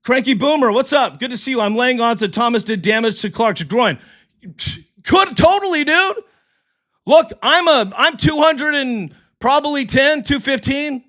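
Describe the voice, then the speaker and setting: A middle-aged man hosting a live sports stream, ranting and yelling into his mic with a voice that is going hoarse. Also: very high voice, expressive, normal speed. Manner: heated, yelling, profane. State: losing his voice. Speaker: sports livestream host. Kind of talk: ranting live sports commentary, reading chat. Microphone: desk mic for a livestream.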